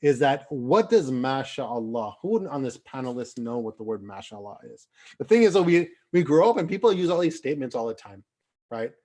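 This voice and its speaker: A man teaching an online youth class over a video call, lively and asking his students questions as he acts out quotes. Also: mid-range voice, quick pace. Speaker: Islamic teacher.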